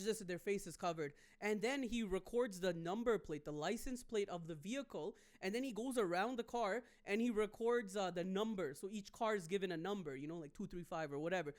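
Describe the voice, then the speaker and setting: A man from Canada, a stand-up comedian hosting a podcast, telling a story in a rambling, animated way. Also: high-pitched. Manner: rambling, animated, with many fillers.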